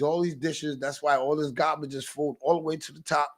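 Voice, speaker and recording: A man hosting a livestream, ranting in a casual, animated way, repeating himself and mimicking callers. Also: on the high side, quick pace, hardly any pauses. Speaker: livestream host.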